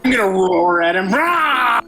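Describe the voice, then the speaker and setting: Slow-talking man tabletop player. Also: high voice, music in the background. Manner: relaxed, hedging with fillers. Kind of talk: casual tabletop play.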